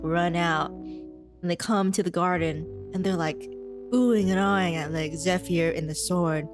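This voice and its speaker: A woman narrating a tabletop role-playing game as game master, often breaking into giggles and using lots of fillers. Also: lowish voice.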